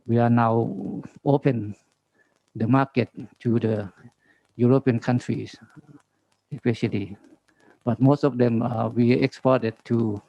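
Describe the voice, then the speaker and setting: A man with a Thai accent giving a halting conference presentation on forestry, pausing often and asking for the next slide. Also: mid-range voice, fairly even intonation, gravelly, dry recording, lo-fi sound. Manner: halting, many fillers, reading slides. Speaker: government forestry official presenting.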